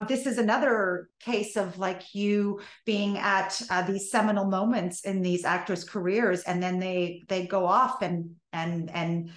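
A woman's voice: mid-range voice, fairly even intonation, unhurried, few pauses. Chatty woman interviewer in an echoey room. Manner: chatty and admiring, with short agreements. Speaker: interviewer, host. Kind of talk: casual interview chat. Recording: roomy echoey sound.

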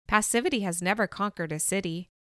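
A woman's voice: medium pitch, fast talker, sharp tone, no echo, natural voice. Storybook menace: a woman doing a small girl, cold and scornful, dry close sound. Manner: contemptuous, threatening.

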